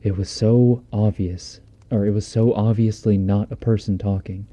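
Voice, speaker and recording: A man's voice: lowish voice, fairly even intonation, normal speed, warm tone. A man reading a horror story aloud on a stream in a laid-back, profane, conversational way, close on a binaural mic. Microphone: binaural dummy-head mic.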